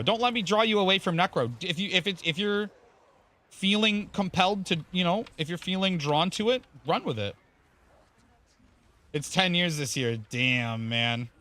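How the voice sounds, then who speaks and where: A man's voice: on the high side, bright, forceful tone. A man streaming a game, rambling casually, explaining the game and thanking viewers by name with the odd curse. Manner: casual swearing. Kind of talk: casual live-stream chat.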